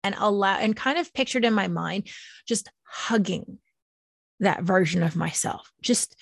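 A woman gently reflecting on healing and self-compassion, slow and tender, emotional and near tears. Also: mid-range voice, vocal fry, no echo, clean studio sound. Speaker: speaker sharing personal healing. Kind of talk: reflective personal talk.

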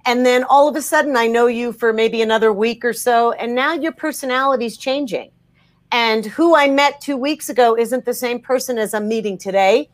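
A woman talking in a podcast interview, emphatic and energetic, often restarting her sentences. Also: fairly high pitch, moderate pace. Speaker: guest.

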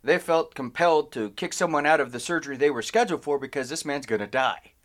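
A middle-aged man with a somewhat high voice spins long, salty anecdotes about work and family. He talks in a loose, rambling podcast way, slipping into quick impressions of the people in his stories. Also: fairly bright tone. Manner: rambling, profane anecdotes with acted quotes. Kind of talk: casual podcast chat.

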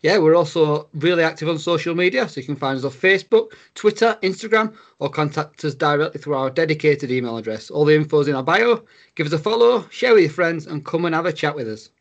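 A man's voice: a little high, lively intonation, quick pace, muffled recording. Friendly man rambling through a podcast. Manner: friendly, rambling, many "uh" fillers. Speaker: podcast co-host. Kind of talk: casual podcast chat.

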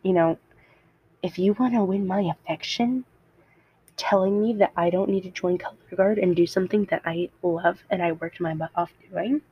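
A woman's voice: lowish voice, moderate pace, husky. A teenage girl hosting a podcast, telling a personal story in a rambling, self-interrupting way and laughing at herself. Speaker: podcast host. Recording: dull lo-fi home mic.

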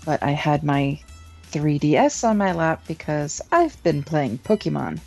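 A woman with a notably low voice chats as co-host of an online show. She talks bluntly and wryly, with a complaining streak. Faint music runs behind her. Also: sing-song, measured pace, vocal fry, darkish tone. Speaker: podcast co-host. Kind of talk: casual chat.

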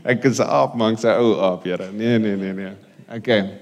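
This South African pastor has a lowish, slightly mellow voice at a normal speed, captured in dull audio. Speaking to his congregation in a church hall full of long reverb, he keeps the sermon conversational, jokes with people and drops into Afrikaans.

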